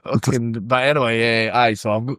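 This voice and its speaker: A Scottish man telling a story on a podcast, in a casual, animated and sweary way. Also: medium pitch, normal speed, clean tone, no echo, studio quality. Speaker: podcast guest.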